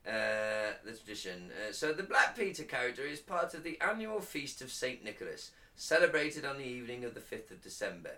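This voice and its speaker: Man, podcast co-host, lively voice, bright tone, a little far from the mic. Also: medium pitch, brisk, few pauses. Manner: laughs often, stumbles over foreign words. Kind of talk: casual banter, reading notes aloud.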